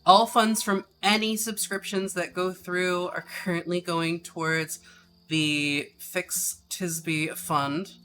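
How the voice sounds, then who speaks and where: A woman's voice: on the low side, fairly even intonation, slow, fairly bright tone. A woman streaming a game, chatting casually and joking with her viewers. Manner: chatty, joking, easily amused. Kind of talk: casual live-stream chat. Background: faint background music.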